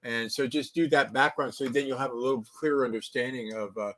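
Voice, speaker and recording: A man in casual conversation, giving relaxed advice. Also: medium pitch, fairly quick. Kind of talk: casual chat.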